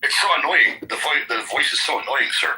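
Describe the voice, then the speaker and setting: A man's voice: mid-range voice, lively intonation, fast talker. A man calling into a livestream, profane and complaining. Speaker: caller. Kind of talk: casual livestream chat. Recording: bright echoey call-in audio.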